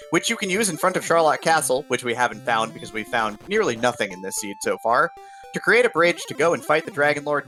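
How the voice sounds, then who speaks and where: A man's voice: mid-range voice, bright, forceful tone. A man commentating a video game tournament, upbeat and explaining the rules of the game to viewers. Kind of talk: esports play-by-play commentary.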